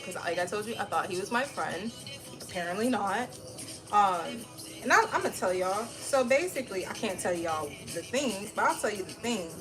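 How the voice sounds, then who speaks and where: A woman in her thirties, a livestream host, venting to her viewers in casual, blunt, animated talk with plenty of swearing. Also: mid-range voice, poor audio. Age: 30s.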